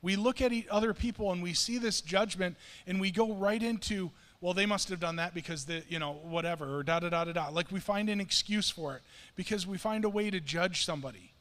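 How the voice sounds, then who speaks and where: Pastor, middle-aged man, high-pitched, earnest, conversational sermon delivery, church hall reverb. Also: a little fast, few pauses, fairly bright tone. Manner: conversational, earnest, self-deprecating. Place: church sanctuary.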